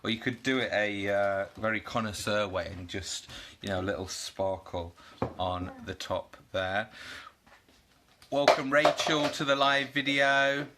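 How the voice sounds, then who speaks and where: A man's voice: on the low side, measured pace, noisy background. A British man hosting a casual cooking live stream at home, chatting and greeting viewers by name. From United Kingdom.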